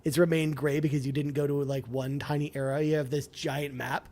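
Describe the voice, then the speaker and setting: Animated man chatting about games. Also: on the high side, normal speed. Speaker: podcast co-host. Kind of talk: casual chat.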